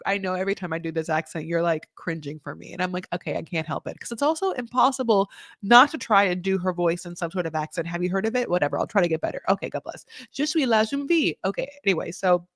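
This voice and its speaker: A woman casually recapping a reality show, chatty and animated, full of "like" and laughs. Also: lowish voice, quick pace, no echo, clean studio sound. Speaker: recap podcast host.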